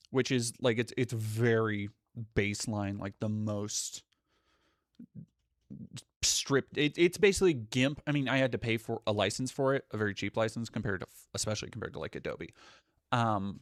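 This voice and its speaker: A man's voice: mid-range voice, dry recording, studio quality. A man streaming live, chatting casually and profanely while reading out viewer comments. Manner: rambling, profane, reads chat aloud. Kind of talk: casual livestream chat.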